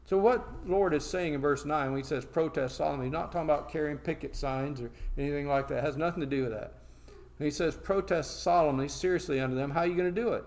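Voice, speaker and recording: A man preaching a sermon, reading scripture slowly and then explaining it in plain talk, asking and answering his own questions. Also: on the high side, darkish tone.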